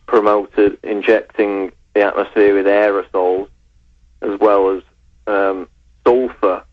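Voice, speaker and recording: Low-pitched male caller on a dull phone line, flat and measured, citing sources. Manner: measured, reads titles and sources. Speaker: researcher and writer, radio guest. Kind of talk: phone-in radio interview. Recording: muffled phone line on radio.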